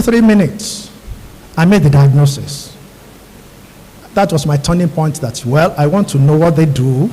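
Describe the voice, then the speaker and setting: A middle-aged Nigerian radiologist, his voice high for a man and a little mellow, speaks earnestly to a room of new doctors. He tells stories and addresses them directly from a large university auditorium, where a long hall reverb trails his words.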